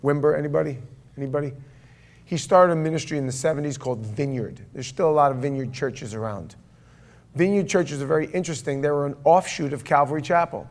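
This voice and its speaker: A man's voice: on the high side, fast talker. A man preaching a casual sermon. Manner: conversational, asks the congregation questions. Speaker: pastor. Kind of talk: sermon with opening prayer. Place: church.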